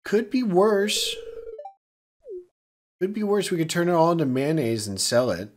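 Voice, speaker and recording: A man's voice: a little high, very animated, quick pace, darkish tone. A man giving casual, upbeat commentary as he plays, chatty and self-deprecating, his voice a little worn. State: losing his voice. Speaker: let's play host. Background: faint game music.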